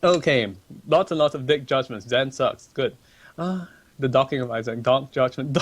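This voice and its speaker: A polite, laid-back man talks his way through a livestream chat at a middling pitch. He answers questions casually, often hesitating with ums and restarting his sentences. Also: moderate pace. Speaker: livestream guest reading chat.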